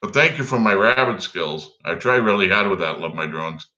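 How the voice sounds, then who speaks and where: A man's voice: deep voice, animated, moderate pace, sharp tone, dull audio. A man co-hosting a casual live stream, goofing around with silly animal calls and impressions.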